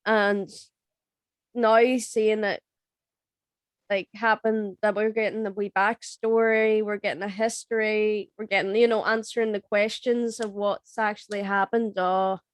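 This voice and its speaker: A woman actress as a podcast guest, excitable and emotional, talking in quick bursts peppered with "like". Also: mid-range voice, clean tone, no room sound. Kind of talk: casual podcast chat.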